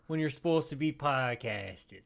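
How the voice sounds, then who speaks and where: A man's voice: mid-range voice, expressive, moderate pace, creaky. A young man co-hosting a comedy podcast, teasing loosely and laughing often between lines. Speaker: podcast co-host. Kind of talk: profane comedy podcast chat.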